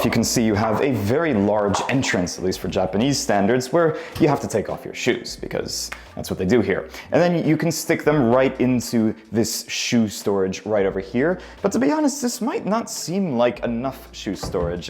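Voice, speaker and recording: A man's voice: on the low side, darkish tone. A man hosting a property tour vlog, walking through rooms and streets in an upbeat, chatty, joking manner. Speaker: real estate tour host. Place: on location, indoors and outdoors.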